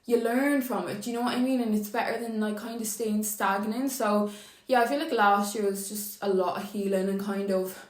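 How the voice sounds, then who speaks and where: A woman's voice: medium pitch, fairly even intonation, normal speed, roomy sound, low-quality recording. A young Irish woman vlogging casually while doing her makeup, chatty and emotional, with casual swearing. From Ireland. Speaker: beauty vlogger.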